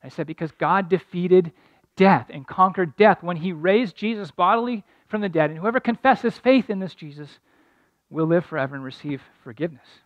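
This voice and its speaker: A man's voice: high voice, moderate pace, no echo, lo-fi sound. A middle-aged man preaching a sermon as pastor, telling a story earnestly and building to emphatic points.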